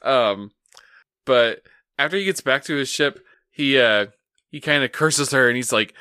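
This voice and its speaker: A man's voice: medium pitch, measured pace, pushed and bright, clean tone, no room sound, clean studio sound. A man co-hosting a podcast, recapping an anime episode in casual chat with a laid-back, wry manner and casual swearing. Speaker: podcast co-host.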